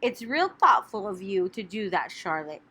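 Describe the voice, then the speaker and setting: A woman voicing a calm, wise female spider who speaks softly and sweetly but firmly. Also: medium pitch. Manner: soft, sweet, brisk.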